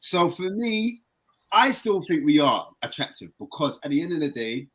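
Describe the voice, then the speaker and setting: Excitable man, husky voice. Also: moderate pace. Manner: animated, excitable, pitch jumps way up when worked up. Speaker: fan guest. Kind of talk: casual fan chat.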